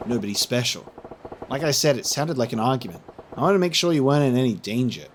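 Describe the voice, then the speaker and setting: A man's voice: mid-range voice, expressive, fast, slight background noise, close to an everyday voice. A man voicing a brash streetwise character with an exaggerated Australian accent. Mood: cocky. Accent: put-on Australian. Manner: brash, cocky. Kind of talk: reading game dialogue aloud.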